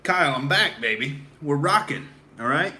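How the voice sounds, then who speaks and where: Here a young male comedian does an in-character satirical bro rant for a podcast, all swagger, cursing and constant "dude," as if hyped up on beer. He sounds a little high and bright, expressive and forceful, at a moderate pace.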